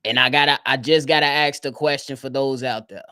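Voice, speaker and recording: A man calling in to a sports show, talking in a relaxed, slangy way as he thinks out loud. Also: medium pitch, a little fast, clear, resonant tone, dry recording, studio quality. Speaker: guest caller. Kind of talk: casual sports talk.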